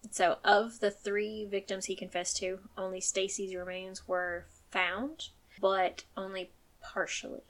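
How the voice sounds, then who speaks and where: A woman's voice: medium pitch, flat delivery, measured pace, a bit bright. A woman hosting a true crime podcast in casual chat, swearing freely and turning firm and emphatic when she gets angry. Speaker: podcast host.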